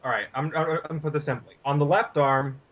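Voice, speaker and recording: A man's voice: fairly high pitch, fairly even intonation, quick pace, fairly bright tone. A young man on a casual podcast, earnestly explaining a point with restarts and fillers. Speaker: podcast co-host. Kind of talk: casual chat. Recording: dull lo-fi podcast mic.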